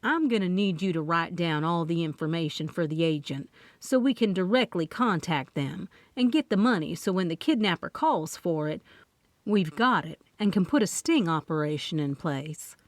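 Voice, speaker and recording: Woman reading a firm, calm cop. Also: lowish voice, normal speed, no room sound, lightly acted. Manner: firm, procedural. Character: calm, persistent male police officer.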